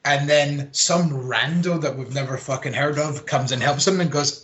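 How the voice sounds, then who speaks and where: A man's voice: fairly high pitch, normal speed, hardly any pauses, a bit bright, highs cut off. A man co-hosting a casual podcast chat, ranting with plenty of swearing and mocking put-on quotes. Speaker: podcast co-host. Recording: roomy echo.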